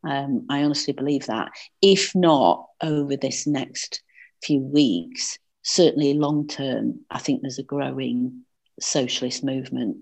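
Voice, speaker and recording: A woman's voice: rumbling low, unhurried, gravelly, darkish tone. A woman with a Northern English accent, speaking earnestly as a political campaigner in an interview, with frequent fillers and restarts.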